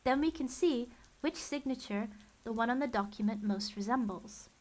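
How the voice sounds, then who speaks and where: A woman's voice: a little high, moderate pace, a little mellow, close to an everyday voice. A woman voicing a clever, determined teenage girl who speaks firmly and testily. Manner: firm, testy.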